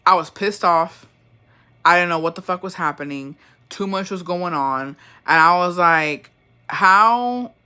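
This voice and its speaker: Host ranting casually, foul-mouthed and worked up, with a bright, sharp edge. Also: medium pitch, clear, resonant tone. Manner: profane, animated, swears constantly. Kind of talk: casual rant.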